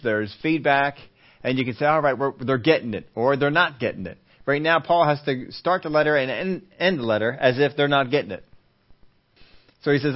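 A man's voice: medium pitch, highs cut off. Man preaching a conversational sermon. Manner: conversational preaching, asks the congregation questions. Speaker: pastor.

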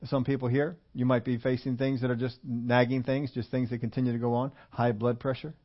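A man's voice: mid-range voice, flat delivery, brisk, highs cut off. An older man preaching a sermon in a church, talking in a folksy, conversational way with many repetitions. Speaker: pastor.

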